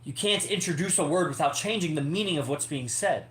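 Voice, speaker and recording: A man hosts his podcast in a rambling, emphatic monologue and swears freely as he lectures. His voice sits a little high for a man. The room around him rings with echo. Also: expressive, brisk, a bit bright. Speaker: podcast host. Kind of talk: casual monologue to members. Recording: echoey room.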